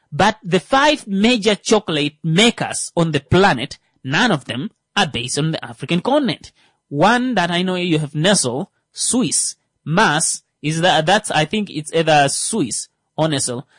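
A man doing stand-up comedy, animated, full of fillers and restarts, swinging between loud rising jokes and muttered asides. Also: a little high, dry recording.

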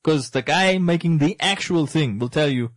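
A man's voice: on the high side, normal speed, dry recording. A man hosting a casual talk discussion, talking animatedly and firing rhetorical questions at his co-host.

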